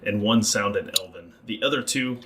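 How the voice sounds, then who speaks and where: Casting: low-voiced male game master, bright crisp tone, faint noise behind. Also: normal speed. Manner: describes scenes calmly, reads out overheard voices. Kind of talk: narrating a tabletop game.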